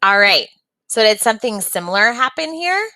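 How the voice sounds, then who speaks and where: A woman teaching a reading lesson, pausing to ask the class encouraging questions. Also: a little high, very animated, sharp tone, no echo.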